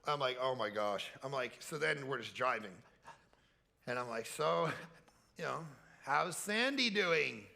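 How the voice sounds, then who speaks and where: A man preaching a lively camp sermon, telling stories and swinging from quiet asides to loud, high-pitched peaks. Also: unhurried, vocal fry. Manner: animated storytelling with shouted high peaks. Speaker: pastor. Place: camp meeting hall.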